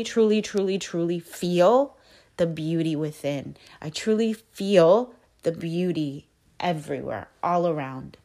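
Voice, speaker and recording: A woman with a lowish voice speaks slowly and unhurriedly, sharing personal reflections as a podcast host. She talks softly and candidly, pausing and circling back as she searches for the right words. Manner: soft-spoken, candid, searching for words with many pauses.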